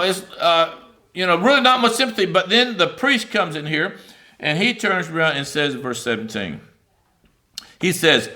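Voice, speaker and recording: A man preaching a sermon in a conversational, animated way, with many fillers, reading scripture aloud and paraphrasing it. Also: a little high, moderate pace.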